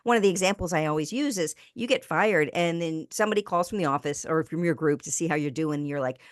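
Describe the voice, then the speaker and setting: A woman who is a speaker and author, talking in a podcast interview as an animated storyteller who acts out the people in her stories. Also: low voice, fast, dry recording, clean studio sound.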